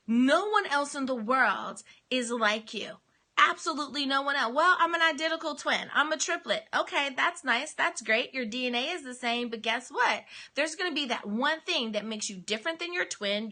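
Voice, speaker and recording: A woman's voice: high voice, sharp tone. A middle-aged woman giving an emphatic motivational talk in a preacher's style, repeating her key lines. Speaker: motivational speaker and minister. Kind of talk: live-streamed motivational talk.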